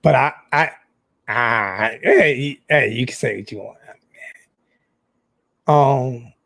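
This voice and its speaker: A young man in an emotional, apologetic vlog monologue who talks haltingly, with many restarts and repeated phrases. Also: medium pitch, gravelly, a bit bright, no echo. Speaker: sports fan YouTuber.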